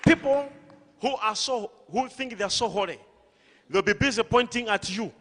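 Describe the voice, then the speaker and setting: Male preacher, high bright voice, forceful call-and-response delivery, in a big echoing church hall. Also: moderate pace, slight background noise. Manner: emphatic, repetitive, rising to shouts.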